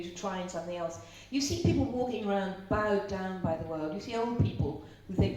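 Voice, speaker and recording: A middle-aged woman from Ireland, talking at a live seminar, speaks fairly quickly with few pauses in a medium-pitched, slightly mellow voice. She chats, tells stories and asks the audience questions, recorded from a distance in an echoing room with a faint hum.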